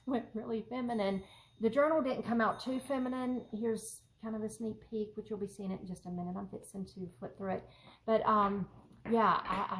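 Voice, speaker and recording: A woman talks to her camera from her craft room at home. She rambles, laughs often and fills her pauses with little ums, in a casual, chatty way. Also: medium pitch, vocal fry, poor audio. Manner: rambling and giggly, many fillers. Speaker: journaling vlogger.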